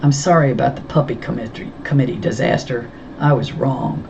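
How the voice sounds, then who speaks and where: A woman's voice: low-pitched, slow, mellow, highs cut off, a little hiss or hum. A woman voicing a wry, sheepish schoolboy.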